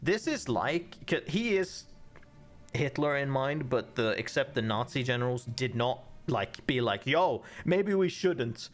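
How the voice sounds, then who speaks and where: A man streaming a game, reacting to the story with animated, profane commentary. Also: medium pitch, unhurried. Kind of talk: let's play commentary. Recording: faint game music behind.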